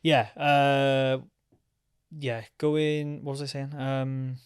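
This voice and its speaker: A young man talking casually on a podcast, rambling and filling gaps with "um" and "like." His voice is smooth and clear, recorded close and dry with no room sound. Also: mid-range voice, little pitch movement, very slow, dry recording. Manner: chatty, rambling with fillers. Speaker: podcast guest, freelance photographer. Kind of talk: casual chat.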